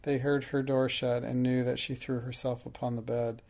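Gravelly, mellow male audiobook narrator. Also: mid-range voice, flat delivery, moderate pace.

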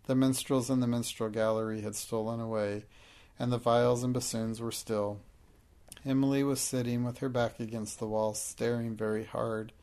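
A man narrating an audiobook in a steady, measured way. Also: mid-range voice, smooth.

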